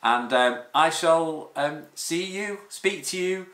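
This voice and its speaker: A man's voice: on the high side, animated, takes it slowly, a bit bright. A man, a personal trainer giving a casual, rambling podcast monologue full of restarts. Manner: rambling with frequent restarts and 'um'. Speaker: personal trainer and online fitness coach. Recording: roomy echo.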